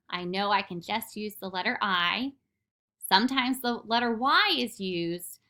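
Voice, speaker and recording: A woman teacher giving a recorded phonics lesson to young children, patiently sounding words out slowly and clearly. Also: on the high side, pushed and bright.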